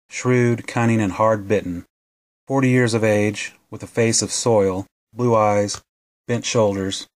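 A man with a fairly low voice reading a novel aloud as an audiobook narrator. He keeps a steady, measured pace throughout.

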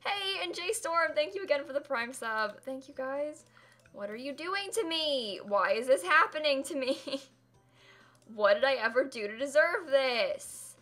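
A woman's voice: high-pitched, expressive, a little slow, a bit bright. A young woman live-streaming a game build, chatting casually and laughing often as she thanks viewers. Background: faint music and keyboard typing.

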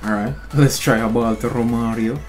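A young man, excitably commentating his own football gameplay in a slangy, chatty way, talking straight at the screen. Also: mid-range voice, normal speed, soft background music. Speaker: gaming channel host.

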